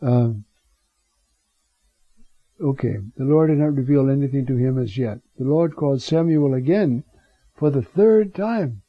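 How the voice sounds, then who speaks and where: A man's voice: medium pitch, unhurried, long pauses, no room sound. A man preaching on scripture, digressive, with rhetorical asides and Hebrew words. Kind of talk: scripture teaching sermon. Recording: dull lo-fi recording.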